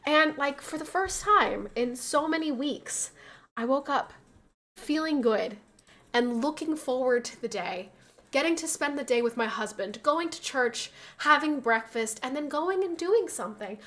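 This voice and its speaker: Young woman, casual stream chat, high voice, chatty, laughs often. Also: lively intonation, a little slow, a bit bright. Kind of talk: casual chat reading viewer messages.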